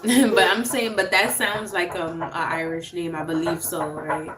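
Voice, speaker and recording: A woman's voice: fairly low pitch, fairly even intonation, measured pace, heavy background noise. A woman, chatting casually with viewers on a livestream, laughing often and reading out names. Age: 30s. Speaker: livestream host. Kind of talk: casual live chat with viewers. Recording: roomy echo.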